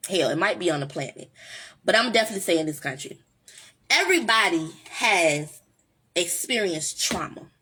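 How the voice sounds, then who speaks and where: Talking in her own vlog, this woman offers a casual, heartfelt monologue, earnest and rambling with plenty of fillers and false starts. Her voice sits in the mid-range, slightly rough and a little bright.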